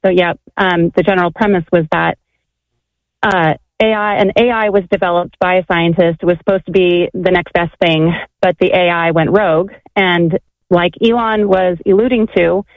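A woman's voice: fairly low pitch, steady tone, moderate pace, dry recording. A woman calling in to a radio show, telling her story in a chatty, rambling way with lots of fillers. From California. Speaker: caller. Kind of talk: phone call to a radio show. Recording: tinny phone line.

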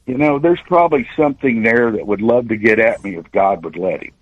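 A man in his sixties from Oklahoma, a radio caller telling a long story in an earnest, rambling way with halting restarts. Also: mid-range voice, dry recording. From Oklahoma, USA. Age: 60s. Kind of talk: call-in storytelling. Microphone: telephone. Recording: dull lo-fi phone line.

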